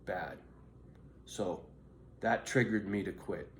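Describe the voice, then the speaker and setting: A man's voice: deep voice, slow. A middle-aged man bluntly telling his own story in a profane, street-tough way. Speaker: vlogger. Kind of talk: candid personal monologue. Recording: roomy echo, faint background noise.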